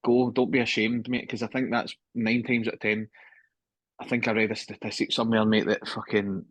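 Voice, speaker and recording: Husky-voiced man in his thirties, candid. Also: on the low side, flat delivery, a little fast, fairly bright tone, dry recording, rough recording. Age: 30s. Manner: candid, swears often, keeps saying mate. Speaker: podcast guest. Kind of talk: casual conversation.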